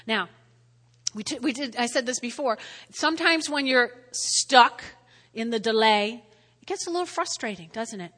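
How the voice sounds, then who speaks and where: A woman pastor preaches a conversational sermon, often checking in with listeners and repeating key phrases for emphasis. Her voice is a little high, animated, and sharp at a normal speed, with the long reverb of a large hall.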